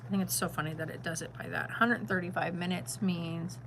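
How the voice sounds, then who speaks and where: A woman's voice: lowish voice, steady tone, a little fast, gravelly, noisy background. A middle-aged woman who is a grandmother, chatting casually and emphatically on a home vlog. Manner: rambling, emphatic, opinionated. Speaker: vlogger and grandmother. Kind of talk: casual chat.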